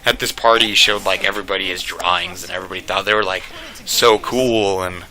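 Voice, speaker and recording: A young man rambles through a profane storytime, leaning on "like" at every turn. His voice sits low but comes across bright and forceful. A faint hiss hangs behind him. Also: steady tone, quick pace. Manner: rambling, profane, full of "like" fillers. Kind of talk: casual storytime rant.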